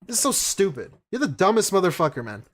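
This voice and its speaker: A man's voice: sits high, very animated, fast talker, a bit bright. A man hosting a reaction stream, delivering heated, profane and mocking commentary on a clip.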